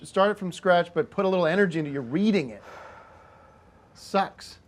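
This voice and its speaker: A man's voice: high-pitched, expressive, moderate pace. A man hosting a show, angrily berating and swearing at a co-host. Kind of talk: heated on-air argument.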